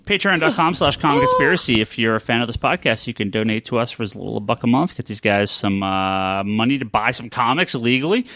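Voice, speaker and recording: A man's voice: medium pitch, expressive, fast, hardly any pauses, pushed and bright. A man hosting a comics podcast in casual chat, reading a long list of backer names and stumbling over some of them. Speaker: podcast host.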